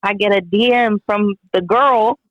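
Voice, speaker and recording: A man telling a story in a casual chat, animated and profane, acting out what everyone said. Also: high voice, a little slow, dry recording, dull audio. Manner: animated, profane, dramatic retelling with quoted voices. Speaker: guest friend telling a story.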